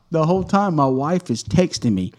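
A man, co-hosting a casual podcast and telling an animated hunting story, swearing and laughing as he goes. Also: fairly high pitch, moderate pace, a crowd in the background. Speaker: podcast co-host.

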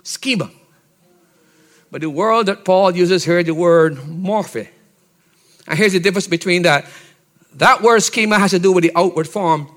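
Man preaching a sermon, kinda high voice, keeps asking "see?", gets real loud and punchy. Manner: teacherly, checks in with "Okay?" and "See?"; builds to loud, emphatic shouted exhortation. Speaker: pastor. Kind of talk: expository sermon.

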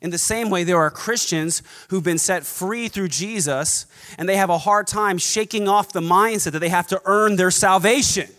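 A male pastor preaches an emphatic, rhythmic sermon, stacking up repeated contrasts. His voice is high-pitched and a bit bright at a moderate pace, heard with long hall reverb.

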